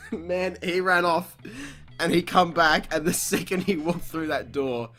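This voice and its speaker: A young man, hosting a podcast and telling a story in casual chat. He swears freely, laughs a lot and shouts out the lines he quotes. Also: a little high, huge pitch swings, slow pace. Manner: profane, laughs often, acts out quotes loudly. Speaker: podcast host.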